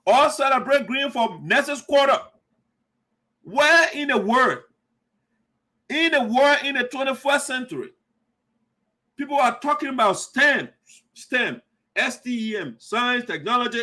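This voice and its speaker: A man's voice: very high-pitched, a little slow, long pauses, pushed and bright. A man hosting an online radio show, giving heated, repetitive political commentary and calling the listener "my brother.". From Liberia.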